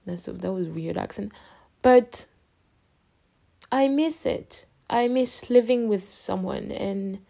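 A woman's voice: mid-range voice, animated, takes it slowly, vocal fry, pauses often, mellow. A young adult woman hosting a podcast, giving a candid, rambling personal update with many restarts and affectionate words for her listeners. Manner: openly emotional, affectionate toward listeners. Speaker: podcast host. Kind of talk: casual personal update monologue.

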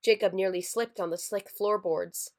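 A woman narrating a scripted horror story in a measured, somber way. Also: mid-range voice, fairly even intonation, a little mellow. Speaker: story reader.

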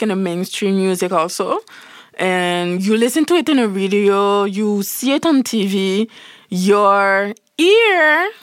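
A woman's voice: medium pitch, no echo, studio quality. A woman from Saint Martin with a Saint Martin Caribbean accent, a guest explaining things in a casual interview, full of examples and restarts. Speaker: guest, platform founder.

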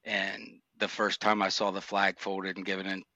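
A man's voice: sits low, monotone, normal speed, sharp tone, no room sound, dull audio. A man, a former motorcycle cop, telling earnest, reflective stories from his police career in an interview. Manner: earnest, reflective, emotional recollection. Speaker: retired motor cop guest. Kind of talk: candid interview storytelling.

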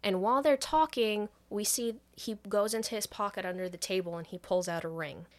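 A woman's voice: mid-range voice, fairly quick. A woman podcast co-host retelling a movie plot in casual chat, swearing freely and quoting characters as she goes. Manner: profane, animated recap with quoted voices.

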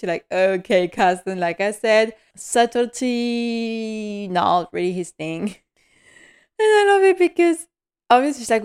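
A woman's voice: on the high side, lively intonation, normal speed, darkish tone, clear, resonant tone. A woman hosting a casual episode recap, enthusiastic, laughing often and using many fillers. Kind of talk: casual chat.

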